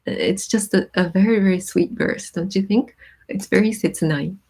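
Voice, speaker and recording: A woman hosting a casual live stream, reading song lyrics and explaining their meaning with many pauses and "um"s. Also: medium pitch, vocal fry, a little mellow, husky. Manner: thoughtful, pauses with many "um"s, reads lyrics aloud then explains.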